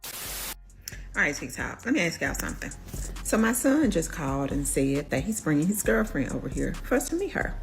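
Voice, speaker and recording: A woman's voice: low-pitched, very animated, normal speed, creaky, faint music behind. A middle-aged woman, a mother, telling an incredulous story to her phone. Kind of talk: casual story to camera.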